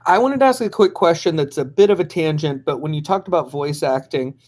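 A man's voice: on the high side, brisk, darkish tone. A man in a casual chat, polite and curious with a wry edge.

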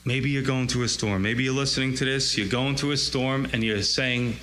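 Guy preaching, chatty sermon style, middle pitch, faint hum in the background. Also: fairly even intonation, moderate pace, pushed and bright, in a large hall, rough recording. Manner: conversational, acts out scripture dialogue.

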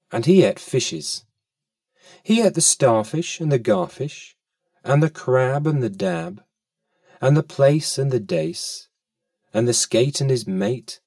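A man's voice: mid-range voice, mellow, no room sound, clean studio sound, far from the mic. A man reading a children's story aloud with a playful, lilting delivery and fond asides to the listener.

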